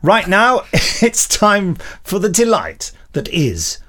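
A man's voice: high-pitched, huge pitch swings, slow pace, bright, forceful tone. A man co-hosting a podcast, chatting in a playful, giggly way. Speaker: podcast co-host. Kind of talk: casual chat.

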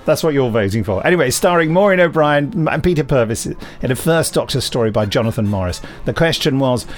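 A man's voice: mid-range voice, animated, a little fast, soft background music. A man hosting a podcast, reading out a competition result in a chatty, self-mocking manner. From southern England. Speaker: podcast host. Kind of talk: casual podcast chat.

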